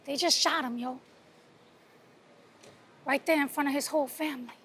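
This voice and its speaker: Streetwise New woman, high bright voice. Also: moderate pace, slight background noise. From Brooklyn, New York. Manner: streetwise, animated storytelling. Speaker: host and playwright. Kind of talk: solo theatre monologue and show hosting. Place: outdoors in front of a cafe.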